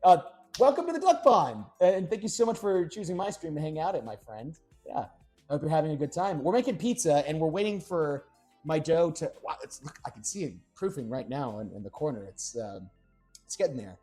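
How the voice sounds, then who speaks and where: A man's voice: fairly high pitch, very animated, a little fast, darkish tone. A young man chatting casually on a live stream while he cooks, rambling through stories and answering chat. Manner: rambling storyteller, talks to chat. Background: faint background music.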